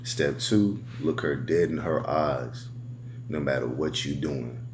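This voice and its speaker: A man giving crude bedroom advice in a slow, laid-back casual monologue, heavy on street slang. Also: rumbling low, a little hiss or hum. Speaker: dating advice host.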